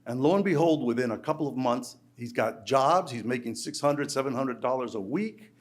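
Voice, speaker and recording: A male academic delivers a talk to a lecture room. His voice sits at an ordinary middle pitch, and he often falters, repeating words and restarting sentences as he goes. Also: lively intonation, normal speed. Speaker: academic researcher giving a talk.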